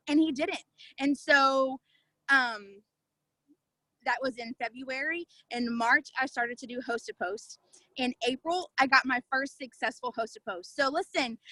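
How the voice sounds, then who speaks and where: A woman's voice: sits high, bright, forceful tone, no room sound, poor audio. A woman telling her own story in an emphatic, fervent way on a video call. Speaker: network marketing distributor. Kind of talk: testimonial talk on a video call.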